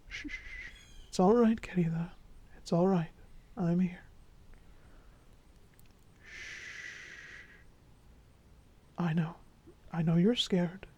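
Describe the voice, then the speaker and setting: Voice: mid-range voice, natural voice. A performer playing a charming, flirtatious male vampire who speaks with a Mexican Spanish accent, teasing and then soothing in an audio role-play drama. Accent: Mexican Spanish accent, put on by the figure. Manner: teasing, warm, soothing, drops to whispers.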